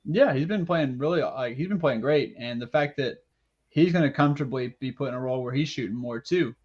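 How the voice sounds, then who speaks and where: A man on a sports betting panel who talks up his picks with excitement. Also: medium pitch, a little fast, slightly rough. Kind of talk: casual sports betting chat. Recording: dull lo-fi audio.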